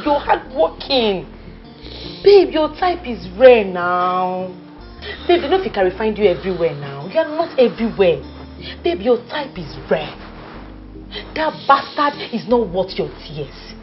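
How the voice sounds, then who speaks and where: An actress playing a best friend who coaxes and comforts, speaking with a Nigerian accent and Pidgin turns. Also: female voice, a little high, muffled recording. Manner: emphatic, coaxing, lively. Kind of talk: Nollywood film acting.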